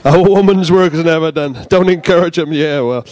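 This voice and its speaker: A man's voice: on the high side, normal speed, a little mellow. Chatty man preaching. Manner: chatty, jokey, self-deprecating. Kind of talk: informal sermon with banter.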